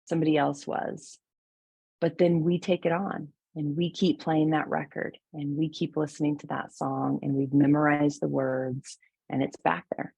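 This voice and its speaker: A middle-aged woman giving a gentle, reflective mindfulness talk, with soft laughs and fillers. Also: low voice, flat delivery, normal speed, creaky, breathy edge, no room sound. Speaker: mindfulness teacher.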